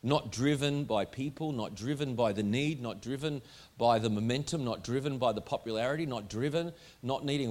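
A man's voice: mid-range voice, moderate pace, darkish tone. A man preaching a sermon to a congregation in a church, emphatic and driving home his points with repeated rhetorical questions. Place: church hall before a congregation.

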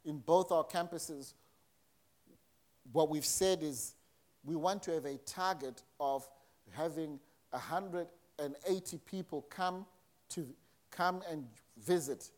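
A man's voice: a little high, slow pace, darkish tone. A man preaching a sermon in a conversational way, acting out quotes as he retells a story. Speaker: pastor.

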